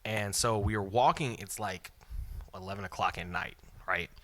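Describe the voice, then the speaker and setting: A man's voice: on the low side, normal speed. A man co-hosting a podcast, telling a funny story in casual chat, laughing often and acting out what people said. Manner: animated, laughs often, acts out quotes. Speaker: podcast co-host.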